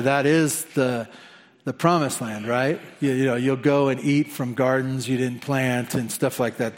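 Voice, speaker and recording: A man preaching a sermon as pastor, animated and conversational, with humorous asides. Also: medium pitch.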